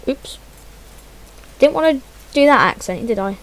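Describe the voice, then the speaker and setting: A woman's voice: high-pitched, animated, unhurried, pauses often, rough recording. A woman giving chatty, self-deprecating gameplay commentary, muttering to herself as she fumbles through menus. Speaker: gaming channel host.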